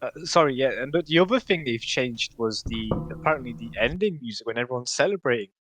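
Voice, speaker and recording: A man's voice: mid-range voice, animated, fast, a bit bright, faint music behind. A man co-hosting a casual podcast chat, talking hesitantly with many fillers and restarts and laughing often. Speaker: podcast co-host.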